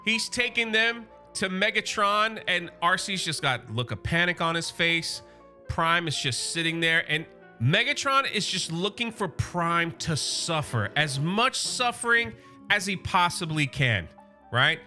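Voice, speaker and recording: A high-voiced man talks through a comic issue with excited, casual energy. His tone is bright and sharp, and soft music plays behind him. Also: a little slow. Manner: enthusiastic, casual, reads quotes aloud. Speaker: comic book channel host.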